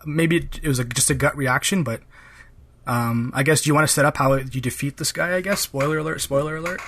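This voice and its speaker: A man's voice: medium pitch, a little fast, fairly bright tone. A man hosting a podcast, chatting casually about a game, his talk loose and full of fillers. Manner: rambling, full of "kind of" and "like" fillers. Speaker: podcast host. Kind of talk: casual chat.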